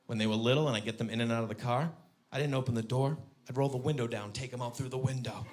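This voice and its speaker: A man in his thirties doing stand-up about his kids, telling it deadpan and jumping into high shrill voices for them. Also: fast. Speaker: stand-up comedian. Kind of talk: stand-up comedy. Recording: live club show with faint crowd noise.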